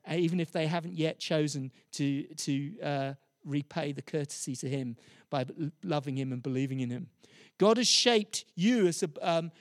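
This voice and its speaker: High-voiced man preaching a sermon. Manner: storytelling, with many restarts and repeated words.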